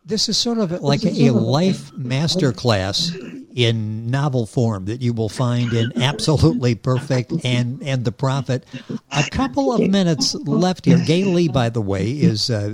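A man's voice: medium pitch, expressive, measured pace, crowd noise. A man hosting an interview, enthusiastic and repeating words as he restarts his questions. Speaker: interview host.

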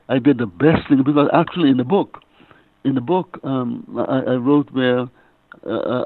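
An older man, a reverend and author being interviewed, who talks haltingly and often repeats his words. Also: medium pitch, creaky, no room sound. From Bahamas. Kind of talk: casual interview storytelling. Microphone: phone. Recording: tinny phone line.

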